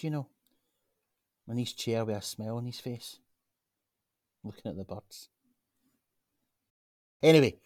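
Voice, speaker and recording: A man's voice: mid-range voice, no echo, clean studio sound, close to an everyday voice. A man playing an earnest Glaswegian local. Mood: reflective. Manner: earnest, persuasive, animated. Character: earnest local man, grandson of a chip-shop cook. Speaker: local man pitching a gym. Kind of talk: radio drama acting.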